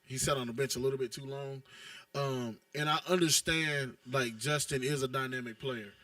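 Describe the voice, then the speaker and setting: A man's voice: mid-range voice, steady tone, normal speed, a bit bright, dry recording, recorded from a distance. A man co-hosting a casual basketball talk show, rambling and exasperated, heavy on slang. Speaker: podcast co-host. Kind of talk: casual sports chat.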